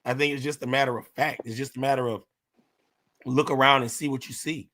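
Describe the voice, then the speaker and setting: A man with a middle-pitched, very bright voice speaks on a casual panel chat. He talks earnestly and deliberately, pausing to lean on the words he wants to stress. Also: fairly even intonation. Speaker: panel guest.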